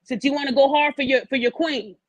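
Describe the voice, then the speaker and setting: Woman podcast host, high voice, dry close sound, brash and profane, confrontational. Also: brisk, no room sound, poor audio. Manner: challenges the listener with pointed questions. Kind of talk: opinionated podcast rant.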